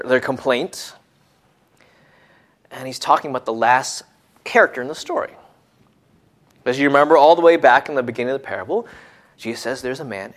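A man preaching a sermon in an expressive way, dropping to hushed tones and then rising to emphatic points. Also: mid-range voice.

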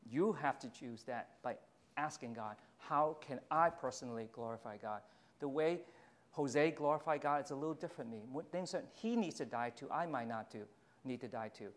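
A man's voice: mid-range voice, normal speed. Guy pastor giving a sermon, chatty and confessional, laughs at himself. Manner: animated, confessional, self-mocking with laughs.

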